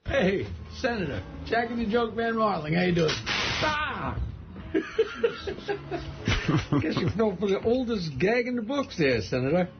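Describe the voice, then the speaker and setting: An actor playing a brash, cackling stand-up comic in a low-budget film clip. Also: male voice, big pitch swings, unhurried, vocal fry, long pauses, highs cut off, heavily acted. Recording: film clip with music behind.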